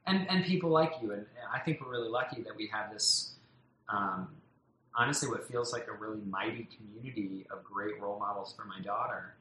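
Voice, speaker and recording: A man speaks tenderly about his young child, circling back with many restarts and fillers. His voice is bright and forward. The room is reverberant, with a faint hum of ambience behind him. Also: on the low side, a little fast. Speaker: parent being interviewed. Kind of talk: casual heartfelt conversation. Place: home in a loud neighborhood.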